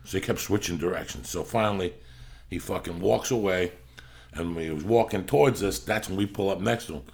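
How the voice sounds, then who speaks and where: A man's voice: sits low, brisk, creaky. A middle-aged man hosting a podcast, telling a rambling, profane story in casual chat. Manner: profane, rambling, bursts into yelling when acting out quotes. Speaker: podcast host.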